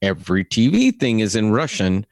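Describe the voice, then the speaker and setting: Animated Texan man, low dry voice. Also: moderate pace, no echo. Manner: animated, rants with acted quotes. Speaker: podcast co-host. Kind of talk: casual review chat.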